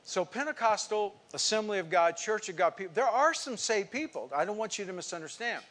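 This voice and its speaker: A man preaching a sermon to his congregation, telling a personal story and swinging from quiet asides to emphatic outbursts. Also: high-pitched, lively intonation, fairly quick. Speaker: pastor.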